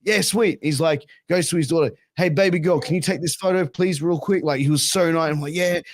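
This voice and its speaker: A man's voice: on the high side, a little fast, no room sound. A young Australian man hosting a podcast, telling a story in a casual way with constant fillers and swearing. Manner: swears a lot, filler-heavy, animated retelling. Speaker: podcast host.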